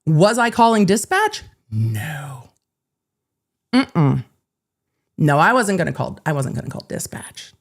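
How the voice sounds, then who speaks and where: A woman host telling a story casually to camera, blunt and animated, swearing freely and acting out both sides of the conversation. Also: low voice, slow pace, long pauses. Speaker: host and lawyer.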